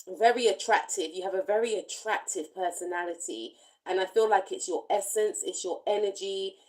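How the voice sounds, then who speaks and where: A woman giving a spiritual tarot card reading, speaking in gentle, reflective, loosely repeating phrases. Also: medium pitch, moderate pace, poor audio. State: briefly emotional. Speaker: tarot reader.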